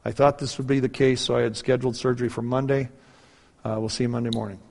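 A middle-aged man preaching a personal testimony, telling his story in a lively way and acting out the dialogue. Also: mid-range voice, fast, creaky. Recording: reverberant hall.

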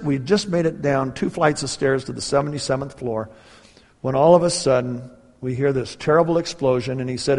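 A man's voice: mid-range voice, darkish tone. A male preacher tells a story in an earnest, storytelling voice, acting out the voices of the people in it. His words ring out with a long reverb, like a large church hall. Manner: earnest, retelling a story with quoted dialogue. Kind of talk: sermon with storytelling.

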